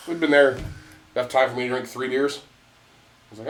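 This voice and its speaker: A man telling profane, animated stories in casual bar chat. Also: medium pitch, normal speed, pauses often, faint music behind.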